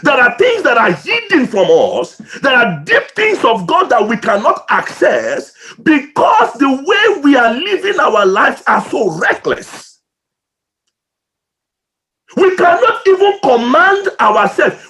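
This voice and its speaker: A man preaching with a very high voice that leaps and plunges across a huge range. He is a pastor from Nigeria, impassioned and emotional, bursting into shouts and then falling to near-whispers. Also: wildly swooping pitch, slow pace. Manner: impassioned preaching with sudden shouts and hushed drops. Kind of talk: sermon.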